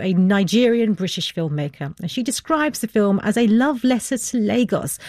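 A woman presenting a radio news program, measured and smoothly linking topics and guests. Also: a little high, a little mellow, no echo, studio quality.

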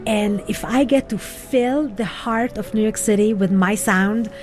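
A woman telling her own story in a radio interview, reflective and expressive, acting out the voices she quotes. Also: mid-range voice, measured pace, soft background music. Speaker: interview guest, musician.

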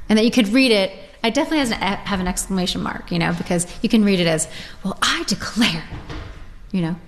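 A woman, a singer-songwriter, chatting as a guest in a radio interview, playful and quick to laugh. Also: lowish voice, big-room sound. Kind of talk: casual radio interview chat.

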